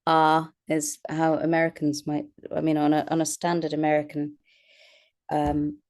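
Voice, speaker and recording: Self-deprecating actress, low voice. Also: female voice, monotone, brisk, dark tone. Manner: self-deprecating, laughs often, many restarts. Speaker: actress and voice artist guest. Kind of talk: casual interview chat.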